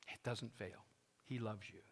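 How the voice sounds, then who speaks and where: A man's voice: on the low side, fairly even intonation, a little slow, creaky. A male pastor preaching a sermon, emphatic and fond of repeating his phrases, with a long reverb from a large hall.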